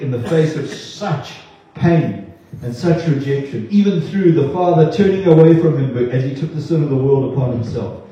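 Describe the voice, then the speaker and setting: A mellow, mid-range male voice delivers a sincere sermon in a church, tripping over and repeating words along the way. The recording sounds distant, dull and echoey.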